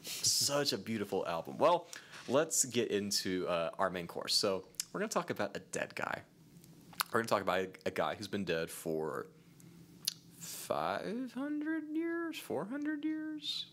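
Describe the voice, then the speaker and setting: A man's voice: deep voice, normal speed, a little hiss or hum. A man co-hosting a casual podcast, chatting animatedly and reading a long passage aloud. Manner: animated, lively, reads a long quote aloud. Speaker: podcast co-host.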